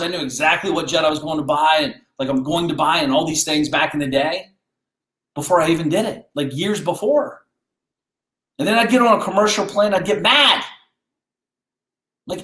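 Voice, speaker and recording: A man's voice: on the high side, a bit bright, echoey room. A man hosting a podcast, giving a blunt, fired-up motivational monologue full of rhetorical questions. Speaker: podcast host.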